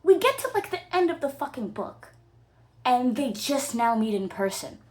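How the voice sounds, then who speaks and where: A woman podcast host rants about a book she disliked, swearing freely and dripping with sarcasm. Her voice sits fairly high and swings widely in pitch. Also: normal speed. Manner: animated, profane and sarcastic. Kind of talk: casual book-review rant.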